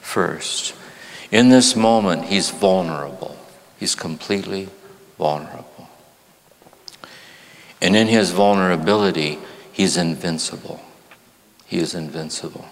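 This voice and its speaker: A man, a therapist and spiritual teacher, giving a reflective talk to a live audience in a church. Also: sits low. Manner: reflective, slows and softens on key phrases. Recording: long hall reverb in a church.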